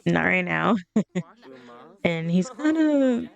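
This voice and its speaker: A woman chats her way through a life-simulation game, rambling from one thought to the next and laughing to herself. Her voice sits on the low side with a gravelly fry, and she keeps it loose and unscripted. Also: big pitch swings, drawn-out words, highs cut off. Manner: chatty, rambling, laughing asides. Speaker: let's play streamer. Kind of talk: casual gameplay commentary.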